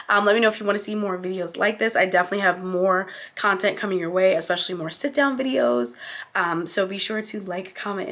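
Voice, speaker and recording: Medium-pitched and a bit bright, this young woman vlogs in a relaxed sit-down chat. She's heartfelt and encouraging, heavy on "like," near tears, and she speaks to other mothers as "mama."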